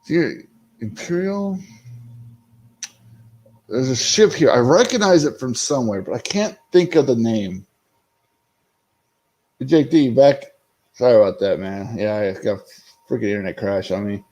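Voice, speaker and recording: A man's voice: medium pitch, expressive, measured pace, long pauses, dark tone. A man hosting a casual livestream recap, rambling and swearing freely as he talks to his chat. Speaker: livestream host recapping a show episode. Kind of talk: casual unscripted live-stream chat.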